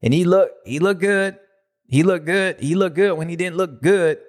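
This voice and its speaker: A man hosting a motocross recap show, talking in a loose, slangy, animated way with loud bursts and low asides. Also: normal speed. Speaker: motocross podcast host. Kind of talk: casual race recap commentary.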